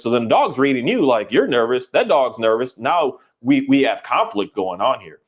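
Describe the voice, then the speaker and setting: A dog trainer talking in a casual podcast conversation, animated and acting out quoted voices as he tells stories. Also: medium pitch, fairly quick.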